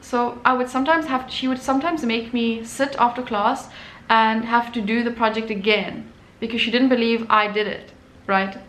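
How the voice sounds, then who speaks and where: A woman's voice: a little high, steady tone, normal speed, hardly any pauses, fairly bright tone. A young adult woman, an artist hosting her own channel, telling a personal story in a chatty way with many fillers and restarts. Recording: echoey room with faint noise.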